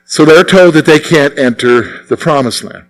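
A man's voice: on the high side, normal speed, low-quality recording. A male preacher giving a conversational sermon, full of rhetorical questions and emphatic repetition. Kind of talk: expository sermon.

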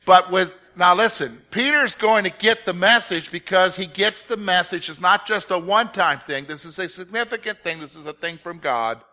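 A man's voice: high-pitched, normal speed, few pauses, pushed and bright. A middle-aged man leading an interactive Bible study lesson, repeating his key points and quizzing his listeners with questions.

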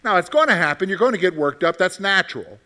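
A man teaching a Bible study class in an interactive discussion, with a high voice. His tone is bright and forward. He asks the group questions, repeats his points, and keeps checking in with "okay?". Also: animated, fast.

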